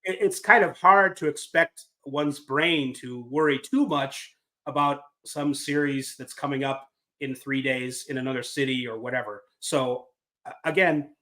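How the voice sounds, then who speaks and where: A man's voice: medium pitch, fairly even intonation, unhurried, bright, forceful tone. A man hosting a casual sports talk podcast, talking in a wry, rambling, self-deprecating way. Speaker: podcast host.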